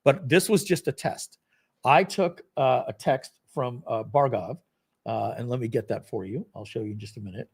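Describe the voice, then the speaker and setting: A man with a gravelly, mid-range voice and a breathy edge demos software during a live product launch stream. He talks at a moderate pace in a casual, rambling way, filling gaps with fillers and making jokes at his own expense.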